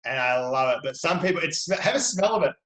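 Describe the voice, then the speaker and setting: A man's voice: fairly high pitch, expressive, brisk, a bit bright, reverberant, low-quality recording. A middle-aged Australian man, a children's book author, chatting eagerly as a guest on a video call. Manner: chatty, enthusiastic, playful. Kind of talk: video call interview for kids.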